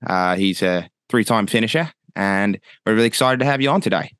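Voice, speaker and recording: A man voicing a podcast host with a put-on Australian accent, in a playful, drawn-out announcer delivery. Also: lowish voice, a bit bright, clean tone, no room sound, studio quality, natural voice. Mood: hammy.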